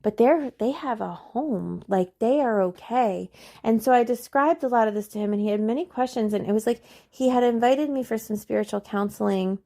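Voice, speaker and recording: A young woman hosting a podcast, telling a personal story in a casual way with many "like"s, slowing to a soft, soothing tone at times. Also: on the high side, creaky. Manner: soft, slow and soothing when recalling what she told him. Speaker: podcast host.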